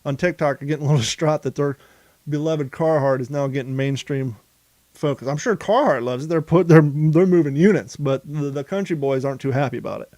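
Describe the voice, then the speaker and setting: Rambling middle-aged podcast host. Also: male voice, on the high side, fairly quick, a little mellow, no echo. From Ohio, US. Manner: rambling storyteller, profane. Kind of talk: casual podcast chat.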